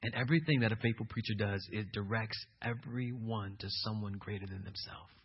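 A man preaching a sermon as pastor, swinging from loud emphatic declarations to low, intense asides. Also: brisk, husky. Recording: muffled lo-fi sermon recording.

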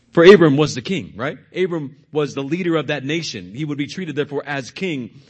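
A man's voice: fairly high pitch, animated, brisk, slightly rough, highs cut off. A male pastor preaching a sermon, retelling scripture expressively.

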